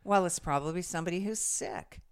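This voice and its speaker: A woman's voice: lowish voice, lively intonation, a little fast, vocal fry. A woman co-hosting a casual podcast, enthusiastic and gushing as she shares stories and fun facts. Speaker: podcast co-host. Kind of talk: casual chat.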